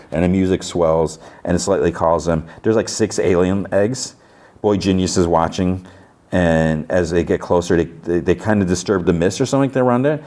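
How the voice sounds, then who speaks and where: A man's voice: deep voice, a little mellow. A man hosting a podcast, casually recapping a TV episode in a rambling way, with frequent restarts and lots of "he's like" quoting. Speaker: podcast host.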